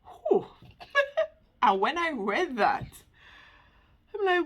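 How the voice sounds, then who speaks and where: A woman's voice: a little high, animated, slow pace, pauses often, fairly bright tone. A woman hosting her own channel, speaking straight to the camera in an earnest, preachy motivational talk about faith, and laughing often. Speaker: channel host.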